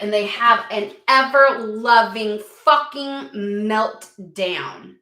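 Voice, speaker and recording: A woman reads tarot in a loose, rambling chat, swearing often and filling gaps with "like." Her voice sits at an ordinary middle pitch. The room around her is roomy and echoes. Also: unhurried, a bit bright. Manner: chatty, rambling, swears freely, lots of "like". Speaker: tarot reader. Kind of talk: casual tarot reading to camera.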